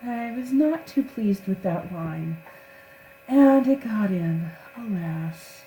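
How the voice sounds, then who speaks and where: A woman's voice: mid-range voice, animated, slow, warm tone, slight background noise, rough recording. A woman voice actor talking casually to the camera, chatty and self-deprecating.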